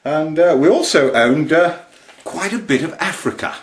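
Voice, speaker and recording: A man's voice: on the high side, animated, normal speed, slight background noise, natural voice. Man putting on a pompous posh English colonial gent, posh English accent, roomy echo. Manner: pompous, hesitant. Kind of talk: comic accent impression.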